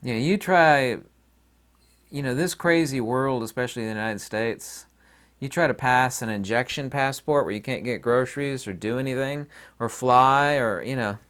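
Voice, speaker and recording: A man's voice: mid-range voice, normal speed, fairly bright tone. A man hosting his own channel, talking in a rambling, opinionated and folksy casual monologue. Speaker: channel host.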